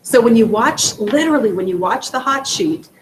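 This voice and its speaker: A woman teaching a rookie real estate class, lively, acting out conversations with buyers and sellers and quizzing her students. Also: on the high side, normal speed, a little hiss or hum, poor audio. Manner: animated, acts out client dialogue, asks the room questions. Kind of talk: classroom training talk. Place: training room.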